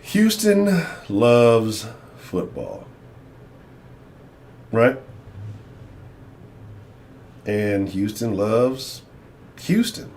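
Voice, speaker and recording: A man's voice: fairly low pitch, big pitch swings, drawn-out words, pauses often, a little mellow, a little hiss or hum. A man hosting a casual sports talk livestream, rambling and swearing as he addresses his chat. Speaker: sports talk show host.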